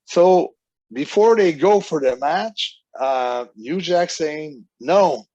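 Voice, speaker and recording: A man's voice: fairly high pitch, expressive, slow pace, darkish tone, dry recording, lo-fi sound. Man telling rambling stories. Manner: rambling anecdotes with quoted voices. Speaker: wrestler guest. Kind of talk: casual storytelling interview.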